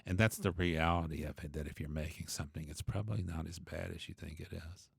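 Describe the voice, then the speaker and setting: A man who teaches bass, talking through his ideas in a loose, reflective way, with many asides and restarts. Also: fairly even intonation, a little fast, creaky, breathy edge, no echo. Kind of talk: conversational teaching monologue.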